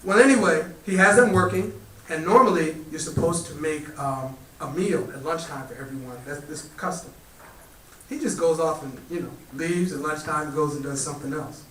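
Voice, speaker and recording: A man, a community spiritual teacher, telling a parable to a live gathering in a relaxed storytelling way. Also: fairly high pitch, moderate pace. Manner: relaxed storytelling, lively quoted animal voices. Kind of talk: storytelling talk to a live audience. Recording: roomy echo, voice from far off the mic.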